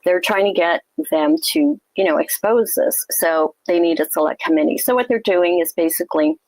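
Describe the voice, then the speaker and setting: A woman hosting a casual livestream, chatty and loose, her speech full of ums and restarts. Her voice sits low and has a gravelly edge. The sound is dry and close, with almost no room around it. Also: lively intonation, normal speed, darkish tone, no room sound, rough recording. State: throat tickle, coughing. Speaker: host.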